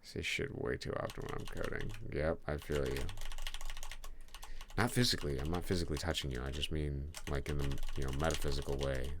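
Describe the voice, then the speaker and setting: A man's voice: very deep voice, a little fast, background noise. A man streaming as he codes a game, thinking aloud in a casual, rambling way and joking with his viewers. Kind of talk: casual live-stream talk while coding.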